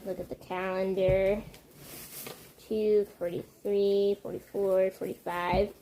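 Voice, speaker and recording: A woman's voice: medium pitch, a little hiss or hum. A woman vlogging casually, thinking aloud to herself as she works things out. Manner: muses aloud while working things out, soft self-talk.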